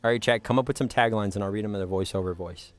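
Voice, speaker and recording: A man's voice: on the low side, very fast. A man hosting a live stream, joking and riffing with his chat in a playful, goofy way. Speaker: livestream host.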